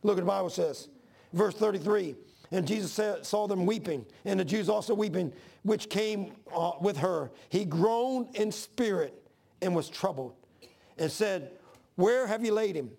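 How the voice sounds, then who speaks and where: A man's voice: high-pitched, animated, measured pace, vocal fry, darkish tone. A man in his sixties preaching a folksy, repetitive sermon to his church. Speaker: pastor.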